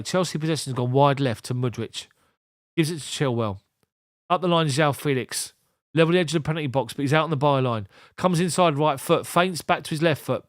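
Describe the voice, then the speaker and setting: A man with a fairly high voice calls a match ball by ball as a fan streamer, mixing clipped play calls with chatty asides. The sound is studio quality with no echo.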